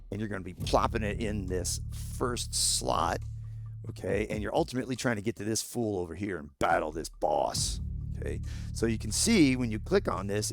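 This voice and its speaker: A man with a sore throat and a gravelly voice, walking through a video game casually and bluntly, explaining each step. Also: on the low side. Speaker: gaming YouTuber. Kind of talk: casual gameplay walkthrough.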